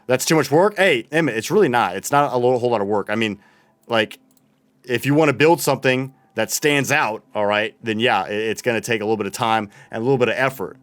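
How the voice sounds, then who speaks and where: Young guy streaming, reads chat and thanks followers, smooth clean voice, dry room. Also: mid-range voice, brisk, a bit bright, no room sound. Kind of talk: casual livestream chat while gaming.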